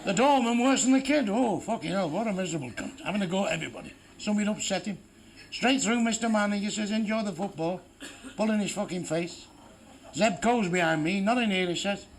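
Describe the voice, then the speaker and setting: Stand-up comic, male, crude and blunt, fairly high voice, noisy live recording. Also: expressive, quick pace. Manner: crude, heavy swearing, blunt punchlines. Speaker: stand-up comedian. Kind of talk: stand-up joke telling.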